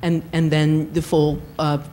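Low-voiced woman official with many fillers. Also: level tone, a little slow, warm tone, a little hiss or hum, low-quality recording. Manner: hedging, many "you know" fillers. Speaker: fund official answering questions. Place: public forum.

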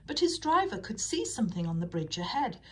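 A woman's voice: medium pitch, big pitch swings, fairly quick, slightly rough. A woman reading a children's storybook aloud, adding chatty asides of her own.

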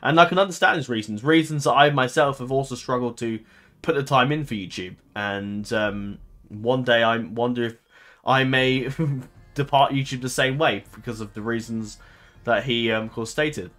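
A man of middling pitch hosts a gaming channel and chats loosely with his audience. He wanders through his thoughts, stopping to fix his own phrasing and leaning on ums. Soft music plays faintly behind him. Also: moderate pace. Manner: rambling, hesitant, self-correcting with many ums. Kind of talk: casual talk to viewers.

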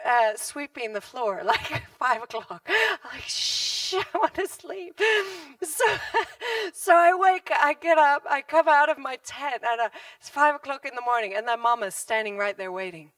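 A woman preaching a sermon in church, telling a story with animated delivery, frequent laughter and acted-out quoted voices. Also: high voice, no echo, recorded from a distance. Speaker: guest preacher.

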